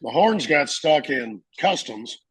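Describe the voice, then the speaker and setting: A Marine veteran telling a story in a casual interview, acting out the voices of people in it and laughing often. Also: male voice, mid-range voice, lively intonation, slow, a bit bright, husky, no room sound, rough recording.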